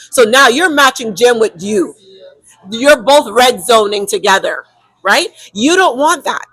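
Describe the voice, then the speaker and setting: A woman co-hosting a podcast, talking emphatically and acting out quick inner monologues. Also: mid-range voice, fairly bright tone, no echo, low-quality recording. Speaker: co-host. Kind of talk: animated podcast conversation.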